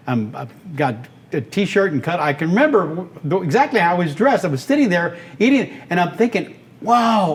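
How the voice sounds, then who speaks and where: A man in his seventies from Texas, an animated storyteller and voice actor being interviewed on a podcast. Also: a little high. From Texas, United States. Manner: animated, breaks into character voices. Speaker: guest, voice actor and radio host.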